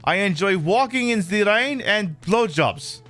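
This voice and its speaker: A man voicing a dreamy young woman seeking an American man, slow and languid. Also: high-pitched, lively intonation, a bit bright, faint music behind, voice pushed up.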